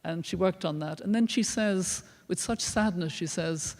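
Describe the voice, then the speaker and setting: An older woman with an Irish accent, giving an earnest, measured public lecture as a guest speaker. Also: fairly low pitch, darkish tone. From Ireland. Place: large lecture hall. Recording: long reverb of a large hall.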